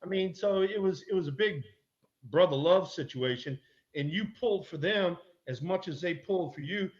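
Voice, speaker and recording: A man's voice: high-pitched, moderate pace. Salty storytelling man, dull lo-fi sound. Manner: animated, salty anecdote-telling with mild swearing. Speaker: guest, former ballplayer. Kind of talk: casual chat, storytelling.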